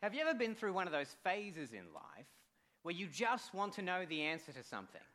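A young Australian man preaching a church sermon as an intern, jokey and animated, with sudden quiet drops. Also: sits high, brisk.

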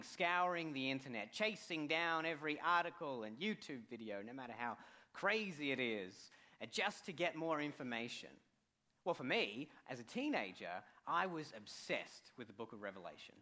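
A young Australian man preaching a church sermon as an intern, jokey and animated, with sudden quiet drops. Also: on the high side, normal speed.

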